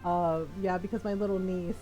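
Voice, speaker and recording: A woman's voice: lowish voice, steady tone, brisk, dark tone, highs cut off, faint music behind. A woman streaming a game, chatting casually and laughing often as she tells family stories. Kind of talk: casual storytelling while playing a game.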